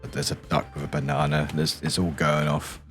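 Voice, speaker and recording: British streamer, man, very low deep voice, hushed and rambling, giggles a lot, faint music behind. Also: monotone, moderate pace. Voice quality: deep, quiet morning voice. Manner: rambling and giggly, reads and answers chat. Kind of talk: soft late-night stream chat.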